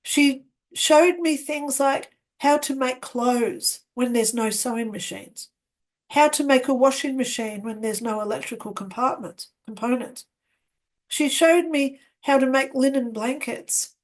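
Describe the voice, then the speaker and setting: Woman, slow earnest storyteller, slightly high voice, re-enacts remembered dialogue. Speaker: near-death experience guest. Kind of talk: personal storytelling. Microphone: webcam setup with ring light.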